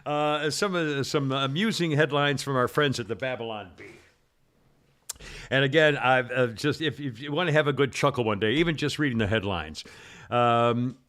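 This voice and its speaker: A man's voice: mid-range voice, normal speed, a bit bright. A man hosting a casual talk show, rambling and chuckling as he reads out funny headlines. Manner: rambling, chuckling at his own material. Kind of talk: casual chat, reading headlines aloud.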